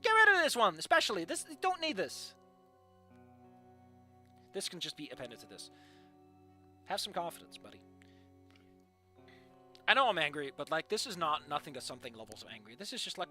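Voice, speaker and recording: A man's voice: a little high, wildly swooping pitch, brisk, long pauses, pushed and bright, soft background music. A man reading fan fiction aloud and breaking off into sarcastic, profane rants about the writing. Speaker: fan fiction reader and critic. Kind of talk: casual commentary.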